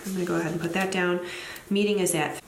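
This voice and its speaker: A woman's voice: lowish voice, fairly even intonation, fast, roomy sound, slight background noise. A woman who teaches, chatting casually as she plans her week, thinking aloud and making light asides about herself. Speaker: planner vlogger. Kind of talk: casual plan-with-me narration while decorating.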